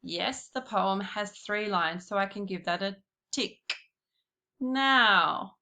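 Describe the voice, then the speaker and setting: A woman giving a slow, patient classroom lesson, talking straight to her pupils. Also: mid-range voice, sharp tone. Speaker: primary school teacher.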